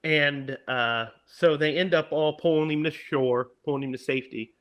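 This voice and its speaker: A man's voice: on the high side, highs cut off. A man co-hosting a podcast, casually retelling a film's plot and animatedly acting out its lines. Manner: animated, acts out lines in quick put-on voices. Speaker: podcast co-host.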